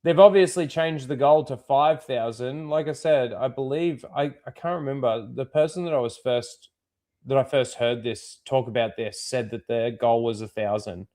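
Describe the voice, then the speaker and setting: A man's voice: medium pitch, moderate pace, dark tone. A man hosting a casual commentary show, scornful and heavy on swearing, often rising into angry rants. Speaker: commentary channel host.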